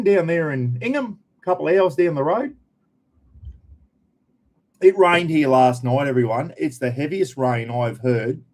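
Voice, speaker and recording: A man's voice: mid-range voice, darkish tone. A middle-aged Australian man hosting a casual live stream, chatting away and greeting viewers by name.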